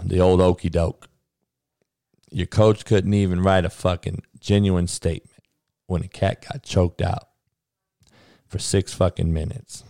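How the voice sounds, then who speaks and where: A man's voice: sits low, creaky, a little mellow, no echo, studio quality. A man who is a coach and podcaster, delivering a heated monologue rant in a blunt, profane, preachy way.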